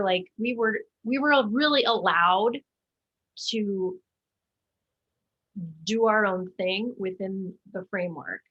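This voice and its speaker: Woman, casual interview guest, chatty, lots of fillers and restarts, mid pitch, slightly muffled recording. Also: slow, long pauses, fairly bright tone, breathy edge. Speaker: guest, musical theater actor.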